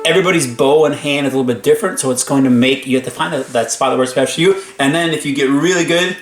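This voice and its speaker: An upbeat man teaches bowing in an instrument lesson, speaking at a middling pitch between bursts of violin. He counts aloud while he plays. The room is echoey, and the violin stays loud behind him. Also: fast, loud music behind the voice. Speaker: string teacher. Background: violin playing.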